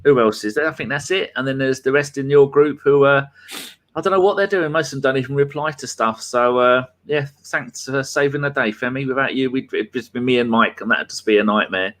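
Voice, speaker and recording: A man's voice: medium pitch, fairly quick, a bit bright. A man hosting a podcast in casual chat, full of rambling banter. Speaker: podcast host.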